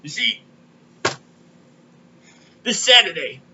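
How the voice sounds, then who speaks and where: A man's voice: sits high, lively intonation, takes it slowly, highs cut off, background noise. A man hosting a comedic crypto show, rambling and kvetching as he tells stories. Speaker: podcast host. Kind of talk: comedic crypto market monologue.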